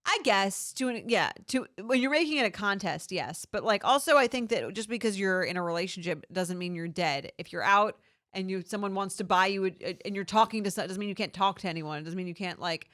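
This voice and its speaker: A woman's voice: medium pitch, a little fast, fairly bright tone, dry recording, clean studio sound. A woman co-hosting a podcast in casual chat, talking in a chatty, agreeable way with many fillers. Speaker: podcast co-host.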